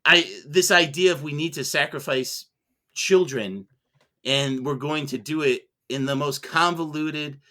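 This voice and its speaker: Man, podcast mock prosecutor, sarcastic, rhetorical questions, bright tone. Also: fairly high pitch, measured pace. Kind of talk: comedic mock-trial argument.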